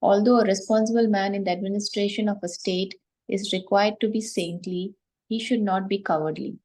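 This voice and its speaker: A woman reading a scripture commentary aloud to a class in a steady, careful way. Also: medium pitch, fairly quick, poor audio.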